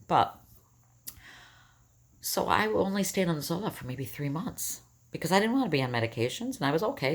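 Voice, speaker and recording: Vlogger, woman in her 50s, husky morning voice, lively and rambling delivery, lots of pitch swings. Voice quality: rough morning voice. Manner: rambling, self-correcting, animated. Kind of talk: casual personal storytelling.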